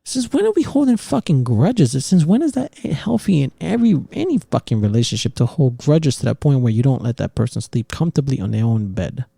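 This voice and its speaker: A man with a dark, gravelly voice delivers a heated, profane podcast rant. His pitch swings widely as he mocks imagined arguments. The sound is dry and close. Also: big pitch swings, fairly quick, few pauses, no room sound. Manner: profane, heated ranting with mocking quoted voices. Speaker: podcast host. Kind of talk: casual opinion rant.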